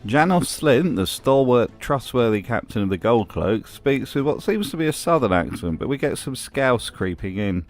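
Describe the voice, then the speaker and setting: A man's voice: medium pitch, sing-song, moderate pace, hardly any pauses, faint music behind. A man hosting a scripted commentary voice-over in a sardonic, mocking way. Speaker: host.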